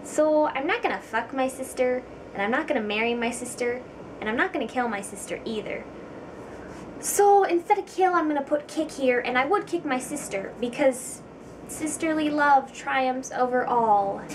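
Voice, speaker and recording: A young woman chats casually to camera in a giggly, self-deprecating way, dropping plenty of ums. Her voice sits a little higher than average. She is some distance from the mic, and faint background noise hangs under the recording. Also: normal speed. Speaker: vlogger.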